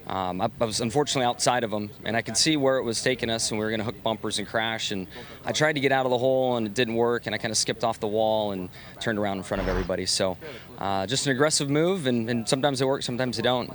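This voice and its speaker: Low-voiced, fast-talking male race driver. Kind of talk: post-crash interview.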